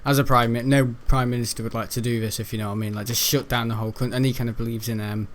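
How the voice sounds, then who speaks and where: A British man rambling through casual gaming commentary, chuckling often and jumping up in pitch when he's incredulous. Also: level tone, very fast. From United Kingdom. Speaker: gaming YouTuber.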